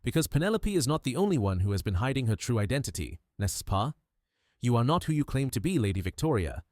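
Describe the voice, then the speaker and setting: A man voicing a shrewd, fussy Belgian detective in an audiobook, gentle but implacable, dropping French phrases. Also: medium pitch, sing-song, fast talker, no room sound, studio quality, natural voice. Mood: accusing. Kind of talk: audiobook character voice.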